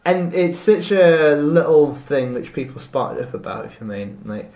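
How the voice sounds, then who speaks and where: A man's voice: a little high, animated, unhurried, a little mellow. A man co-hosting a podcast, talking casually with a rambling, hesitant delivery and many fillers. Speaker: podcast co-host. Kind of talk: casual chat. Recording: echoey room.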